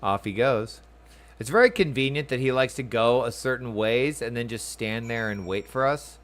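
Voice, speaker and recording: A man's voice: mid-range voice, moderate pace, a bit bright. A man giving casual, playful commentary while playing a video game. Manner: playful, chatty. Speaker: gameplay host.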